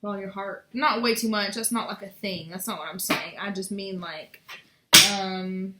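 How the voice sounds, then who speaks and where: Chatty, bright-voiced woman reading tarot. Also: mid-range voice, fairly even intonation, moderate pace. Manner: chatty, blunt, swears freely. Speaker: tarot reader. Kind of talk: casual tarot reading to camera. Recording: echoey room with faint noise.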